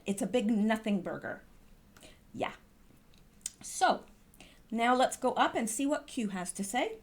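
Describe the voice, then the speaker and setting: A woman with a high voice reads posts aloud and comments on them in a loose, chatty way. She is sarcastic and fires rhetorical questions at people who are not there, with plenty of fillers and trailing asides. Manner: sarcastic, talks back to absent figures with rhetorical questions. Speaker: political commentary vlogger.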